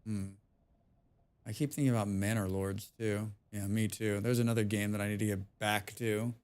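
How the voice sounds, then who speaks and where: A man's voice: fairly low pitch, flat delivery, moderate pace, a little mellow, smooth. A man casually commentating his own game stream from home, muttering, humming and swearing as he plays.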